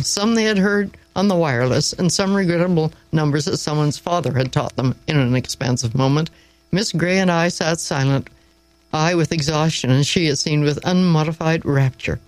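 A woman reading a story aloud in a measured, wry storytelling manner. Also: low voice, dry recording, poor audio.

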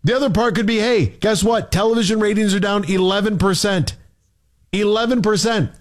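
A man's voice: sits high, moderate pace. A man hosting a sports radio show, ranting in an exasperated way with many rhetorical questions and repeated phrases. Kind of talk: heated opinion rant.

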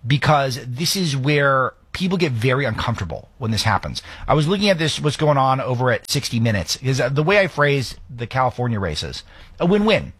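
A man's voice: mid-range voice, very animated, fairly quick, a bit bright, slightly rough, no room sound. A middle-aged man hosting talk radio, giving opinionated, conversational political commentary.

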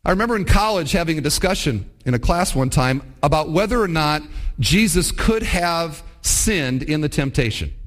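A middle-aged man preaching a sermon, emphatic and animated, acting out short voices as he tells a story. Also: a little high. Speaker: pastor.

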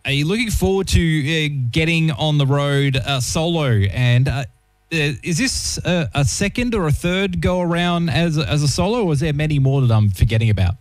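A man's voice: on the high side, animated, moderate pace, no room sound. An Australian man hosting a radio interview, chatty and easily amused, with lots of fillers. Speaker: radio host.

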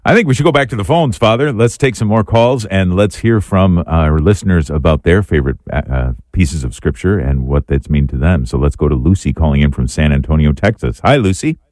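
A man hosting a radio call-in show. He makes genial, unhurried introductions and takes calls. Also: low voice, lively intonation, a little mellow, no room sound. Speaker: radio host.

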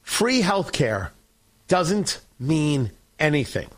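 A man's voice: on the high side, sing-song, drawn-out words. A man hosting a political talk show, delivering an opinionated monologue in a sarcastic, combative, mocking way.

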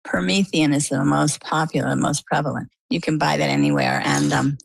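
A middle-aged woman from Maine tells her story as a guest, in a low voice with a gravelly edge. She talks casually and brings the quoted voices in her story to life. Her voice is recorded close and dry. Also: normal speed, no echo, rough recording. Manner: animated storyteller, acts out quoted dialogue. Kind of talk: conversational storytelling.

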